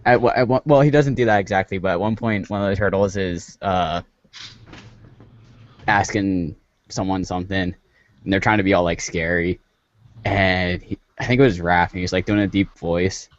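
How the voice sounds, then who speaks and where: A man's voice: sits low, fairly even intonation, normal speed, dry recording, highs cut off. A man on a casual gaming podcast telling a story with hesitant restarts. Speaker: podcast co-host. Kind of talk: casual chat.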